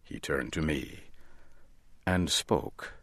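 A man reading a story aloud in a slow, measured and deliberate way, as the narrator. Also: rumbling low, a bit bright, dry recording, clean studio sound.

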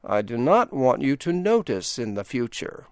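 An older man from Delaware with an Eastern Shore accent, reading a scripted radio program in a slow, deliberate way. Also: mid-range voice, dry recording, studio quality. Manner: deliberate, measured delivery with lively intonation. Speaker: radio announcer.

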